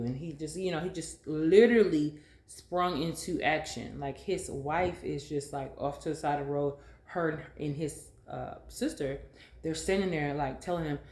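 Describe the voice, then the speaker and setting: A woman vlogger telling a dramatic story in a casual, animated way, full of fillers. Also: low voice, normal speed, reverberant.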